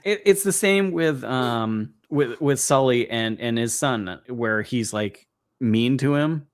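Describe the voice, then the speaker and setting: A man's voice: medium pitch, slow pace, clean tone. Male podcast co-host, mid-range voice, hesitant, leans on fillers and trails off. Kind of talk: casual chat.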